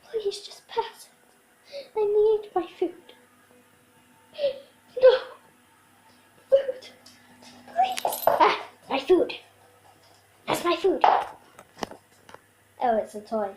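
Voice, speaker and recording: A woman voicing her pet dog as a whiny, dramatic female dog that pleads, whispers and cries out in a high voice. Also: low-quality recording.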